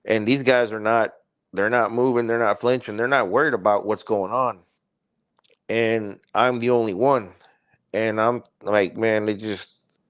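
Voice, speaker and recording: A man's voice: lowish voice, fairly even intonation, moderate pace, smooth, dry recording. A man guest on a podcast, telling a story in a casual, rambling way, full of swearing and "like". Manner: rambling, profane, heavy use of "like".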